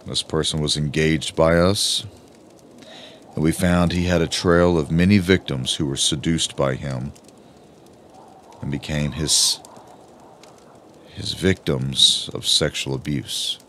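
A man giving a slow, measured first-person audiobook narration. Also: rumbling low, fairly even intonation, fairly bright tone, a little hiss or hum.

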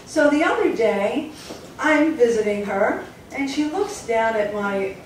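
A woman's voice: on the high side, animated, measured pace, slight background noise. A woman doing a stand-up routine on a comedy club stage, telling her stories in a chatty way. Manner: chatty, storytelling delivery. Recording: echoey club from far off, with audience.

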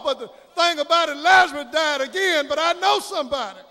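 A man preaching a sermon, swelling into shouted, sing-song preaching cadence, with a gravelly voice. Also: extremely high pitch, a little fast, hardly any pauses, some chatter behind. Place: church sanctuary. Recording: reverberant church hall with faint congregation.

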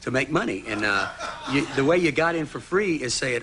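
A man's voice: mid-range voice, expressive, a little fast. A man telling a rambling, jokey story as a talk show guest and acting out the voices in it. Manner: rambling, jokey, acts out voices in his stories. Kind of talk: animated anecdote telling. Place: talk show studio with audience. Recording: old TV broadcast, audible hiss.

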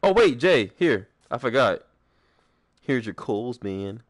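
A man's voice: mid-range voice, big pitch swings, slow pace, no echo, clean studio sound. A young man chatting casually while playing a game with friends, joking, swearing and humming little tunes. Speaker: gaming streamer. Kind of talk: casual gameplay chat with friends.

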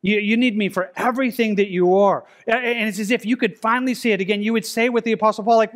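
A male pastor preaches to his church in a loose, conversational way. His voice sits fairly high for a man, and he slips into imagined lines of dialogue as he talks. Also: steady tone, very fast, hardly any pauses. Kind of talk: sermon. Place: church sanctuary.

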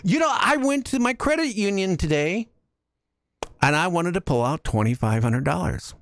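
A man hosting a casual talk radio show, telling jokey stories with lively energy. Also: high-pitched, moderate pace, slight background noise. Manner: animated storytelling, jokey.

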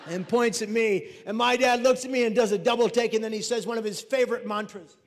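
A man telling a personal story on stage as a mental health speaker, animated and loud at the punchlines. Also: extremely high pitch, brisk, few pauses. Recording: reverberant hall.

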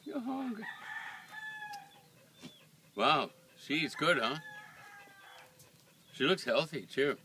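A man's voice: on the high side, very animated, extremely slow, pauses often, bright, forceful tone. A man at an outdoor ranch, chatting casually and coaxing animals in baby talk. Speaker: vlogger at a ranch. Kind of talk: casual chat while feeding animals. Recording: noisy outdoor recording.

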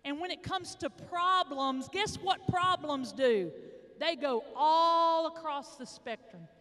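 A middle-aged woman with an Arkansas accent giving a motivational speech, telling folksy stories with dramatic pauses. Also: sits high, fairly bright tone. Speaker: motivational speaker. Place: large indoor hall, addressing an audience. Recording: echoey large hall.

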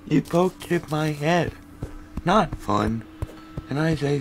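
A young man giving rambling comic gameplay commentary, goofy and full of random tangents with deadpan asides. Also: mid-range voice, measured pace, long pauses, soft background music, rough recording. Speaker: gaming video creator.

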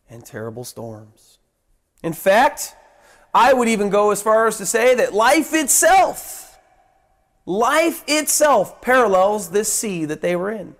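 High-voiced man preaching slowly. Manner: preaching with dramatic swings from loud to hushed; repeats phrases for emphasis. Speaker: pastor. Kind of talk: sermon.

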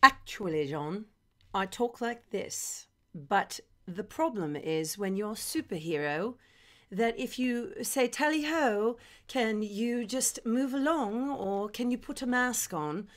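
Woman as a dating contestant, New York City accent, deadpan, unhurried. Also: on the high side, heavily acted. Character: brash East Coast female dating contestant. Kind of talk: comedy sketch.

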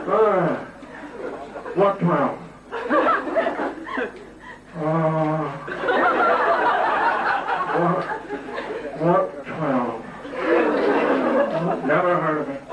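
A man's voice: on the high side, extremely slow, pauses often, muffled recording, a loud crowd. A sleepy ship engineer, roused from a nap and muddled, as a man puts him on. He talks in a groggy, wandering way. The sound is distant and echoey over an audience. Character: drowsy male ship engineer just woken. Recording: echoey hall, distant mic, audience noise.

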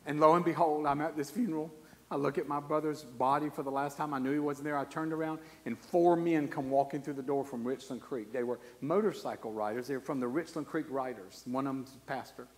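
A man, preaching a sermon and telling a personal story, his voice swinging from hushed to loud. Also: medium pitch, steady tone, fairly quick. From South Carolina. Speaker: guest preacher. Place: church sanctuary. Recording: long church reverb.

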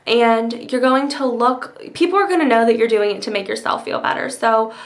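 A woman's voice: on the high side, expressive, moderate pace. A young woman in her twenties answering tag questions in a casual, chatty way, with many ums and likes, and the hiccups. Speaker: vlogger.

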